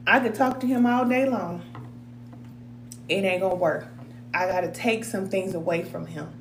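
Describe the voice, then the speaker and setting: A woman's voice: a little high, echoey room, slight background noise. A woman who gives spiritual advice, speaking casually and earnestly to her viewers and acting out voices as she talks. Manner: earnest and animated, acts out quotes, laughs often. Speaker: spiritual advisor.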